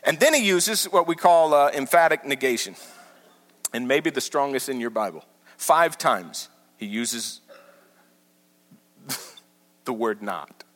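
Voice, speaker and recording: Animated male pastor in a reverberant hall. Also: mid-range voice, takes it slowly, long pauses. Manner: animated teaching with emphatic repetition. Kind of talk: sermon. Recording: large hall with long reverb.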